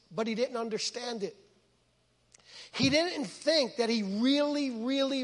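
A man's voice: extremely high pitch, a bit bright. A man preaching a sermon as pastor, emphatic and repeating words for stress, in a large church hall. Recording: long hall reverb.

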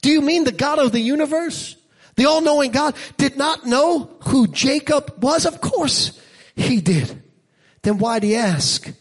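A man preaching a sermon, with rhythmic repetition building to loud, dramatic peaks. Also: extremely high pitch, animated, a little slow. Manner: preaching with dramatic acted-out scenes and shouted peaks. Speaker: pastor.

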